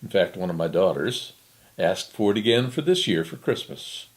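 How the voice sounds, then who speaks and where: An older man telling a story in a relaxed, chatty, folksy way. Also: sits low, normal speed.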